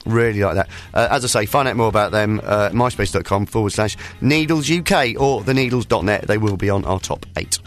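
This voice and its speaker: A man's voice: fairly low pitch, a little fast, few pauses. A man hosting a casual radio show, bantering and laughing with his co-host in a jokey way. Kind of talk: casual chat.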